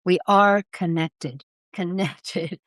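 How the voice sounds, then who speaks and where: A woman voice coach speaking in a podcast interview, with an expressive, emphatic teaching delivery. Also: on the low side, extremely slow, no echo. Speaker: voice coach guest.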